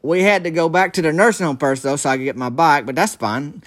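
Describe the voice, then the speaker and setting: A young man telling a rambling comic story in a folksy, halting way, full of restarts. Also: fairly high pitch, fairly bright tone.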